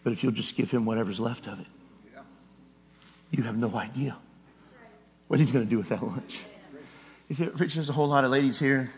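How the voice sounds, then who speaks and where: A man's voice: mid-range voice, fairly quick, long pauses, long reverb tail, slight background noise. A middle-aged man preaching a sermon, telling a personal story with rising emotion and a raised voice at its peak.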